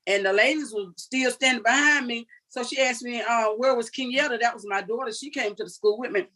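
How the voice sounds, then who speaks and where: A woman's voice: on the high side, a little fast, sharp tone, low-quality recording. An older woman, giving an earnest, vivid personal account as an interview guest. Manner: earnest, recounting vividly with quoted dialogue.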